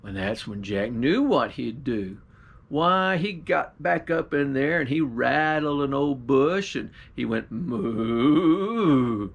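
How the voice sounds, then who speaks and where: Man, pastor, gravelly voice, folksy drawl, homespun storytelling. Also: mid-range voice, lively intonation, a little slow, a bit bright, dull audio. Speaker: pastor telling a folktale.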